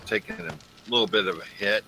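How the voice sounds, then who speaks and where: A man's voice: fairly low pitch, fast, slight background noise, poor audio. A man in a casual chat, talking bluntly and wryly about his own luck, with a lot of swearing. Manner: blunt, swears freely, wry about himself.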